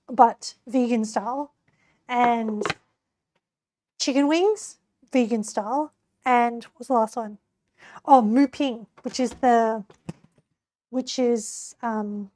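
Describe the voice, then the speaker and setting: A young woman streaming from home, talking casually to her chat with a hoarse, squeaky voice she says she is losing, rambling and laughing often. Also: no room sound. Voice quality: squeaky, creaky voice. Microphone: desk mic.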